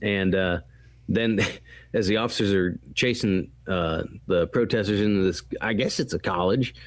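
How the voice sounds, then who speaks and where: Low-voiced podcast guy, rambly recap, lots of ums, dry mic. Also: normal speed, no echo. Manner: rambling recap with many fillers and acted quotes. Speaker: podcast co-host. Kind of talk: casual movie review chat.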